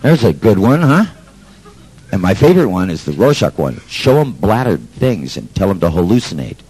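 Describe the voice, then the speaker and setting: Brash husky low-voiced man telling a story. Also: very animated, normal speed, darkish tone, low-quality recording. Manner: brash, swaggering, sardonic, swears freely. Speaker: speaker telling a story to an audience. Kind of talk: profane storytelling talk.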